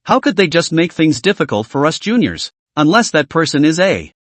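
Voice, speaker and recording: A man's voice: on the high side, big pitch swings, normal speed, dry recording. A man reading the lines of a scheming, smug young male cadet who mocks his rivals. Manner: mocking, cold-laughing.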